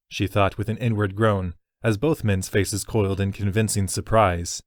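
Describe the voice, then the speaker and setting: Low-voiced man narrating. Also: fairly even intonation, moderate pace, few pauses, no echo, studio quality. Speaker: audiobook narrator. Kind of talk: scripted fantasy narration.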